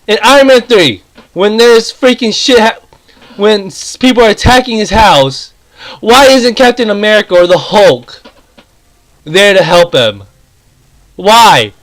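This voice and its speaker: A man's voice: high voice, animated, unhurried, fairly bright tone, low-quality recording. A man vlogging a casual, rambling movie review that turns into a heated, profane rant. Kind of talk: casual ranting film review.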